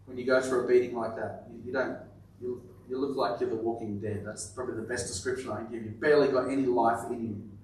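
A man preaching a sermon, emphatic and repeating his words, often dropping to a quiet, stressed delivery. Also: medium pitch, fairly even intonation, fast, hardly any pauses, a little hiss or hum. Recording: very echoey room, voice from a distance.

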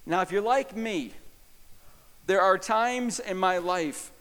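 A man with a high, bright-toned voice delivers a sermon as pastor, pressing his points with emphasis. He swings from loud, stressed phrases down to hushed, close appeals. His voice rings out with a long hall reverb around it. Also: slow pace.

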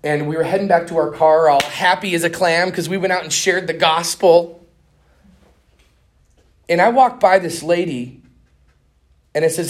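A man's voice: a little high, normal speed. A young man giving a conference master class, telling stories in a casual, earnest way with slang and restarts. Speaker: conference speaker. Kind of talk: conference teaching talk.

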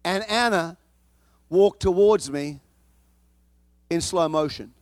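A man with a high voice preaches a sermon, spinning a personal story with comic timing and plenty of repeated words and restarts. His voice sounds dry and close, with no room echo. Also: slow pace. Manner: animated, comic storytelling with frequent repetitions and restarts. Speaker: pastor.

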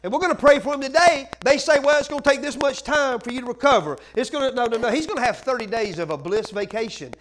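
A man with a strikingly high voice preaches a fervent sermon in his church. He leans hard on repeated phrases to hammer each point home, and a faint hiss sits beneath his words. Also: lively intonation, fast, hardly any pauses, fairly bright tone, low-quality recording. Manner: impassioned, emphatic repetition. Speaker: pastor.

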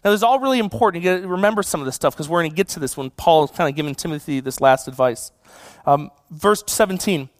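A man's voice: on the high side, animated, fast, dry recording. A young adult man giving a casual sermon as a guest preacher, conversational and joking, with many "like" fillers.

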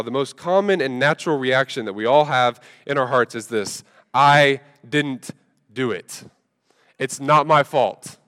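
Man preaching with a smooth, resonant voice. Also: mid-range voice, a bit bright. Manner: humorous storytelling, conversational with frequent fillers. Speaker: pastor. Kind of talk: sermon. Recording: long reverb from a large hall.

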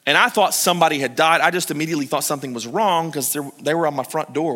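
A middle-aged male pastor preaching a sermon, swinging from loud urgent calls to hushed, intimate pleading as he tells stories and speaks straight to the congregation. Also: fairly high pitch, fast talker, few pauses. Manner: storytelling, addresses the congregation directly. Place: church sanctuary. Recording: long hall reverb.

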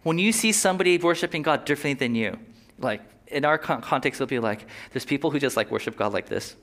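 A man preaching a sermon in a relaxed, conversational way, with quick asides and short laughs. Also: mid-range voice. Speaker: pastor.

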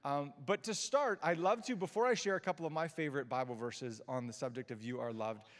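A man preaching a casual, conversational sermon to a live church congregation. He is chatty and warm, often restarts mid-sentence, and turns gushing and excitable when he reacts. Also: medium pitch, brisk. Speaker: guest preacher. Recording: long reverb of a church sanctuary.

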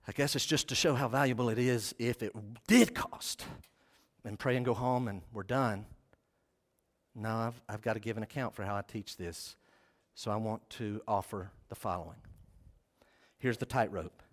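A man's voice: lowish voice, normal speed, pauses often. A man preaching a sermon as pastor, passionate and emphatic.

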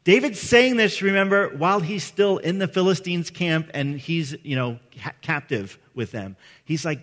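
Middle-aged male pastor, high and earnest, preaching in a church with a long echo. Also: normal speed, a bit bright. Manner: earnest, conversational, frequent "right?" asides. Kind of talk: sermon. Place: church sanctuary.

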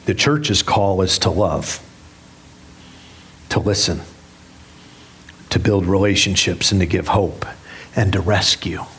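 A man's voice: sits low, slow pace, pauses often, fairly bright tone, slight background noise. A middle-aged man preaching a sermon as pastor, candid and self-deprecating as he tells a story with humor. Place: church sanctuary.

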